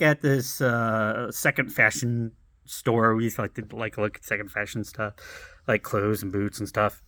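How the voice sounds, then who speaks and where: A man's voice: fairly low pitch, dry recording. A middle-aged man telling a personal story in a rambling, casual way, swearing and laughing as he goes. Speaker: vlogger.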